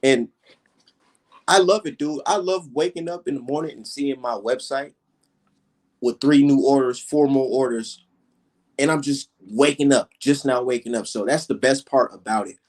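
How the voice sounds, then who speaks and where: A man's voice: mid-range voice, moderate pace, darkish tone. A young man ranting heatedly and profanely straight to his viewers in a casual vlog. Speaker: vlogger.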